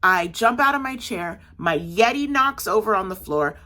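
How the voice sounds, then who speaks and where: A young adult woman telling a casual, animated story about her day as a market vendor, with frequent fillers. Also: mid-range voice, moderate pace.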